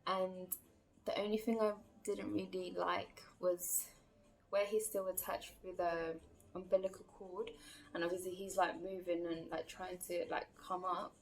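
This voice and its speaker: A woman's voice: lowish voice, level tone, measured pace. A woman telling a personal story in a casual, chatty vlog, full of fillers and acted-out quotes. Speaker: vlogger.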